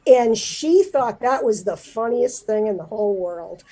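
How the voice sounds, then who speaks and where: A woman's voice: fairly high pitch, lively intonation, moderate pace, hardly any pauses, warm tone, rough recording. A middle-aged woman, a newspaper publisher, talking in a livestreamed interview with many fillers and emotion. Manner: chatty, emotional, lots of fillers.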